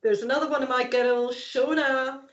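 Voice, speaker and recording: A Scottish woman with a high, bubbly voice greets viewers in casual live-show chat and laughs often. The sound is roomy and a little dull. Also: steady tone, normal speed, a crowd in the background. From Scotland. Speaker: co-host and psychic medium.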